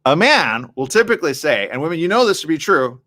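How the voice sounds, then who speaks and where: A male talk show host giving casual relationship advice in a monologue, animated and acting out both sides of arguments, talking straight to the ladies. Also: on the high side, quick pace, dry recording, clean studio sound. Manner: addresses the ladies in the audience directly.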